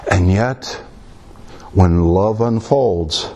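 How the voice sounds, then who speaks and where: A man preaching a sermon, animated and emotional, acting out the quotes he reads. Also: low voice, very slow.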